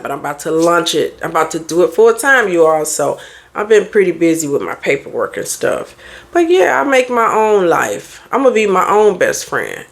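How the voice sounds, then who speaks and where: A middle-aged woman life coach talks casually, her pitch swinging widely as she lays down blunt advice. She sounds preachy and direct, sometimes mimicking other people's words to make a point. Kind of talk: casual motivational talk.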